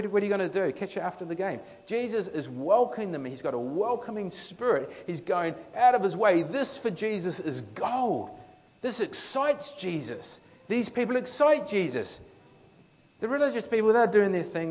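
A man with an Australian accent preaching a lively sermon, acting out quotes and calling for amens. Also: high-pitched. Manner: animated, playful, acts out quotes, asks the crowd for amens. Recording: dull lo-fi sound in a reverberant hall.

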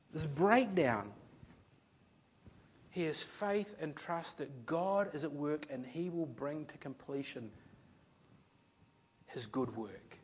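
A man preaching a sermon, earnest, swinging between loud emphasis and soft, low phrases, with some repeated words. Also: breathy edge, muffled recording. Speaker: pastor.

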